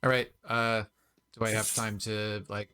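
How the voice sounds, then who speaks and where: A man's voice: on the low side, little pitch movement, unhurried, sharp tone, clear, resonant tone. A young man playing a tabletop game, casual and swearing freely. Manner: casual, profane banter. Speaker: player.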